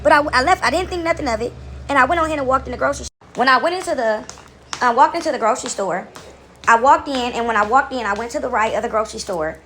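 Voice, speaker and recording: A woman's voice: high voice, quick pace, a bit bright, slight background noise. A woman telling a long, rambling story to her camera from her couch at home, repeating words and checking in with "right?" as she goes. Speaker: vlogger.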